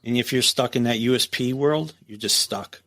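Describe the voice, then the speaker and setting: In a laid-back interview, a guest who once worked as a prison captain spins stories at a moderate pace. The middle-aged man has a plain, medium-pitched voice, doesn't mince words, swears a lot, and animatedly voices what other people said.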